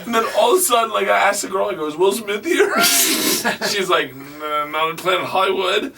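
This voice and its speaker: A man's voice: sits high, big pitch swings, fairly quick, gravelly, pushed and bright, breathy edge, recorded from a distance. A man, a comedian guest on a radio talk show, telling a story with lots of laughter and put-on voices. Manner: rowdy, laughs between lines, mimics voices. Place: radio studio.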